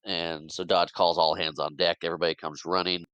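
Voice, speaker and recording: A man with a slightly low, bright voice retells movie scenes on a podcast, slipping into the characters' lines as he goes and laughing along. The recording is dry and close, with no room sound. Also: level tone, a little fast, no room sound, lo-fi sound. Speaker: podcast co-host. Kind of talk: casual movie recap chat.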